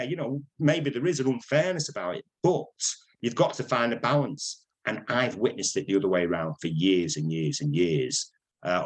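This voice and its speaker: An older man from Manchester with a Manchester accent, telling stories in an interview, chatty and quick to laugh. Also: fairly low pitch, rough recording. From Manchester, England. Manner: chatty storyteller, laughs often, acts out quoted people. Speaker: broadcaster guest. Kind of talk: conversational interview anecdotes.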